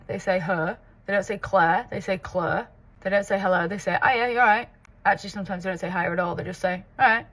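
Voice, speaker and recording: Thirties northern english woman, mixed accent with a bit of scouse, chatting thru her makeup, goes soft n quiet a lot. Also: medium pitch. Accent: mixed British and American, with Scouse traces. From north of England. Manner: chatty, relaxed, often drops to a soft near-whisper. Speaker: makeup artist and content creator. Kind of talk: get-ready-with-me makeup tutorial.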